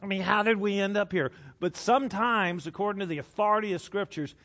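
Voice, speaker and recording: A middle-aged man preaching a sermon, swinging from hushed, intimate passages to loud, animated outbursts. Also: high voice. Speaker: pastor.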